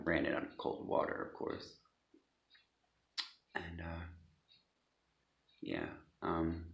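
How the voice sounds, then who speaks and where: A man gives a hesitant personal testimony, full of pauses and fillers. His voice sits very low with a gravelly texture. The recording is dull and lo-fi, with a roomy echo. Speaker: speaker sharing a personal story. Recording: echoey dull lo-fi room.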